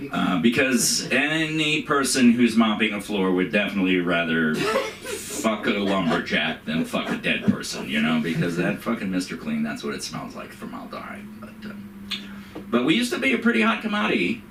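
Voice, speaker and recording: A middle-aged man doing an open-mic stand-up set, rambling and halting, laughing at his own jokes. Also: low voice, expressive. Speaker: stand-up comedian. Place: comedy club stage. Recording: echoey room, far from the mic, noisy.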